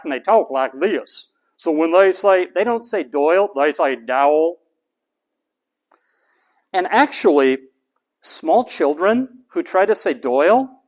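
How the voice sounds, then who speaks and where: Animated, emphatic man lecturing a class. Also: high voice. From Texas. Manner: animated and emphatic, repeats words for stress. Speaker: college professor.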